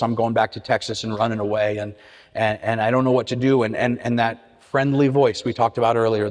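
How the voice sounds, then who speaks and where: A middle-aged man telling his recovery story at a meeting, earnest, with frequent restarts and repeated words. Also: medium pitch. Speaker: AA meeting speaker. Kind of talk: personal recovery talk. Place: church meeting hall. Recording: hall reverb.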